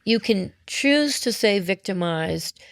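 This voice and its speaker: A woman's voice: medium pitch, expressive, takes it slowly, no room sound, studio quality. A middle-aged woman, a mother, talking earnestly and reflectively as an interview guest. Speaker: guest, mother of an autistic daughter. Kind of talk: candid interview talk.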